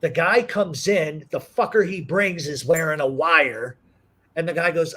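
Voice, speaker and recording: Husky guy swearing a lot while telling stories on his talk show. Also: a little high, unhurried. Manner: profane, animated storyteller. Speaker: podcast host. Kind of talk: casual storytelling chat.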